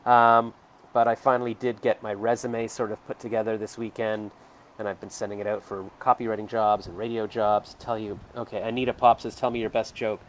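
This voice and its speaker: A man's voice: fairly low pitch, level tone, brisk, a little hiss or hum. A man in his forties talking to the camera from home in a rambling, hesitant, self-reflective way. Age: 40s. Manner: rambling, hesitant, full of fillers. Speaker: vlogger. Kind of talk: casual self-reflective monologue.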